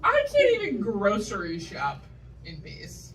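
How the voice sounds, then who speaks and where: This is a live stand-up set by a New England woman, recorded from a distance with a loud audience and a little hiss or hum. She speaks at a measured pace in a medium-pitched voice whose pitch swoops wildly, trading in wry, self-deprecating stories and punchy asides.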